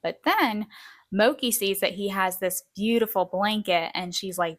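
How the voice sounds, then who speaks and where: A woman's voice: medium pitch, moderate pace, a bit bright, no echo. A woman recapping a TV show in a chatty, casual way, acting out quotes as she goes. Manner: chatty, acts out quotes, frequent "like". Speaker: video essay host.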